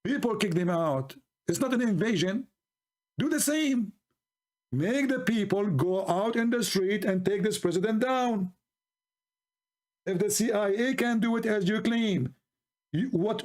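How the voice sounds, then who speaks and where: A man from the Middle East with a high voice for a man, hosting a heated debate. He mocks his opponent, jumps into folk stories and speaks animated, broken English. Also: normal speed. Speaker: debate host. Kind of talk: argumentative debate talk.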